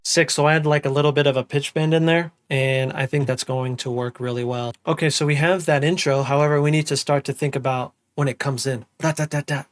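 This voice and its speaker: A young man giving a casual music production tutorial, humming drum patterns out loud as he works. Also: mid-range voice, a little fast, few pauses. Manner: relaxed, hums and sings drum parts aloud. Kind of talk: casual screen-recorded tutorial.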